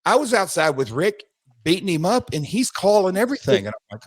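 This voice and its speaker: Animated man telling stories. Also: sits high, fairly quick, no echo. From United States. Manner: animated storytelling, rambling with restarts. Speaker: podcast co-host, former wrestler. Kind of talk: casual podcast chat.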